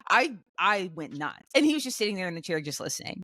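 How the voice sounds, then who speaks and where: Young woman, podcast co-host, casual storytelling, lower voice, dry close sound. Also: quick pace, hardly any pauses, no echo. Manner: animated storytelling, acts out her own outbursts in a much higher voice; many fillers and restarts. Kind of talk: casual chat.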